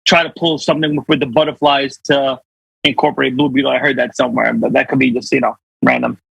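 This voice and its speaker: A man on a podcast chatting casually in a relaxed, hedging way with many fillers. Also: medium pitch, quick pace, gravelly, husky, no echo, rough recording. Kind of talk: casual chat.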